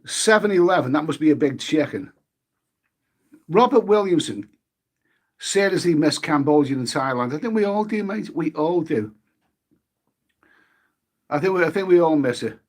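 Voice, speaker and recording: A man's voice: on the high side, animated, moderate pace, pauses often, darkish tone. A man chatting casually on a live stream, eating as he talks and reading viewer comments aloud. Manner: chatty, eats while talking, swears mildly, reads viewer names aloud.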